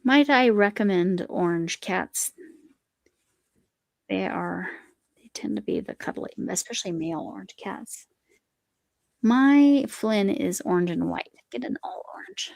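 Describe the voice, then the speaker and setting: A woman's voice: mid-range voice, animated, measured pace, vocal fry, long pauses, darkish tone, no room sound. A woman hosting a casual live chat while she crochets, reading viewer comments aloud and talking to her cat. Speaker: livestream host.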